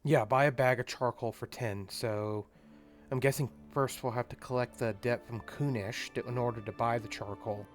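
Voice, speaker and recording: A man's voice: mid-range voice, steady tone, moderate pace, soft background music. A man streaming a medieval game, thinking aloud and making wry asides about what happens on screen. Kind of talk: casual let's-play commentary.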